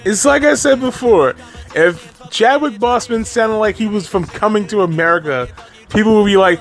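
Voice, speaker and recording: A man's voice: high voice, normal speed, soft background music. A man ranting casually about moviegoers and fanboys, exasperated and profane, with frequent laughs and restarts. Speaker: movie commentary vlogger.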